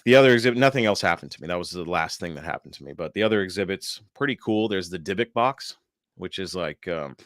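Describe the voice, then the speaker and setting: A man's voice: sits low, fairly bright tone, no echo, studio quality. A man hosting a podcast on his own, telling stories casually and laughing often, with loose, profane talk. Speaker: podcast host. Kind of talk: casual solo podcast storytelling.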